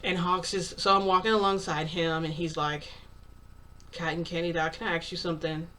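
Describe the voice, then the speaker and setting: A woman's voice: fairly low pitch, little pitch movement, normal speed, pushed and bright, recorded from a distance. Chatty woman storyteller, set back from the mic. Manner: chatty, retells dialogue with "I'm like" and "he's like". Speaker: channel host telling a story. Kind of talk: casual first-person storytelling.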